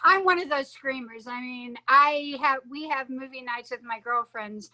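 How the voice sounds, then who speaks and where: A woman speaking on a panel discussion, with a very high and sharply bright voice. She talks in an expressive, emotive way. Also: moderate pace, rough recording.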